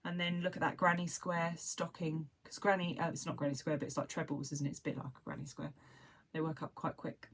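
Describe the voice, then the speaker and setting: A woman with a southern English accent talks in a relaxed, rambling way, hopping from one thought to the next. Her voice sits a little on the low side. She speaks like a host chatting casually to her regular viewers. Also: a little fast. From southern England. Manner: chatty, rambling, self-described waffler. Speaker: crochet livestream host. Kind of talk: casual chat.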